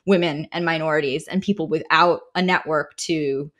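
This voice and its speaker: A woman with a neutral Midwestern accent, answering as a podcast guest in a measured, thoughtful way. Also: low voice, steady tone, fairly bright tone. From Wisconsin and Boston. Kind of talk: casual interview talk.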